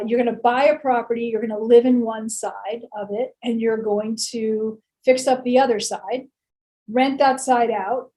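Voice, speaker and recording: Woman instructor, casual lecture, rather high voice, mellow, chatty with fillers. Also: low-quality recording. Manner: chatty, many fillers and restarts, rhetorical questions. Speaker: real estate instructor.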